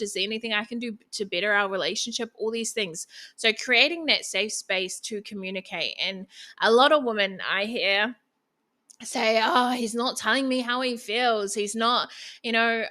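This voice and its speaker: A woman's voice: medium pitch, sharp tone. A young woman hosting a podcast, giving frank relationship advice in a chatty, casual way, full of fillers and quoted asides. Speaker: podcast host.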